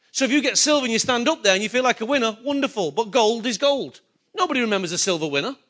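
A man's voice: very high-pitched, a bit bright. A male pastor preaching a sermon, emphatic and full of rhetorical questions to his congregation.

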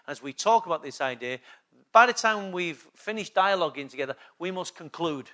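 Fairly quick and animated, a man's high-pitched, pushed, bright voice carries his sermon as the church's pastor. He repeats himself for emphasis and often checks in with the congregation through call-and-response questions.

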